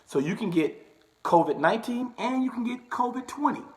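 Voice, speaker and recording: A man's voice: very high-pitched, lively intonation, brisk, a little mellow, low-quality recording. A young barber talking casually to his viewers, telling a personal story and checking in with "right?" and "okay?" as he goes. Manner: chatty, repeats "right?" and "okay?" often. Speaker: barber and vlogger.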